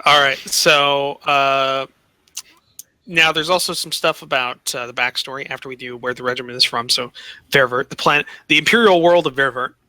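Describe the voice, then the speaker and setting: A man's voice: mid-range voice, normal speed, sharp tone, no echo. A man acting as game master in a casual tabletop role-playing session, often repeating and restarting his phrases. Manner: repeats himself, restarts sentences.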